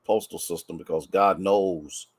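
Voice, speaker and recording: Chatty pastor greeting viewers by name. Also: male voice, deep voice, steady tone, a little slow, slightly rough, dry recording. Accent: American. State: congested from sneezing. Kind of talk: livestream greeting to online viewers.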